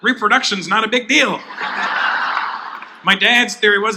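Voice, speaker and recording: A man's voice: high voice, moderate pace, background noise. A man doing a stand-up comedy set on stage before a live audience, with blunt, punchy delivery and acted asides.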